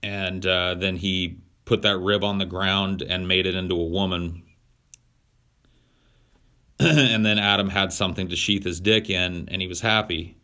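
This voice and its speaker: A man's voice: sits low, steady tone, unhurried, sharp tone, clear, resonant tone. A man co-hosting a podcast, chatting casually in a profane, irreverent, rambling way with many fillers. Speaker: podcast co-host. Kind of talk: casual chat.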